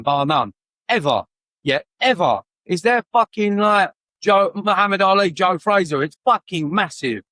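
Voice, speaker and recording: A man with a London accent co-hosting a wrestling podcast, ranting and swearing excitedly in casual chat. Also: high voice, no room sound. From England. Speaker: podcast co-host.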